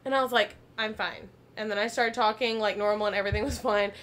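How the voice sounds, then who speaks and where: A woman hosting a podcast, telling a story in a casual, animated way, laughing and swearing often. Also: medium pitch, very fast. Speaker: podcast host.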